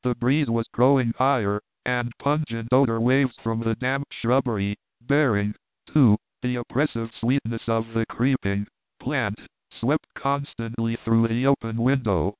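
A man giving a scripted, even narration of a mystery novel as an audiobook. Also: medium pitch, unhurried, clear, resonant tone, no room sound. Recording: dry, tinny narrow-band audio.

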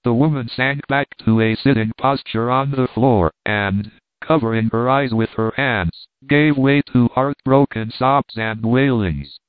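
A man narrating a classic novel in a measured, even way. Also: mid-range voice, no room sound. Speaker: audiobook narrator. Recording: tinny phone-like sound, dry.

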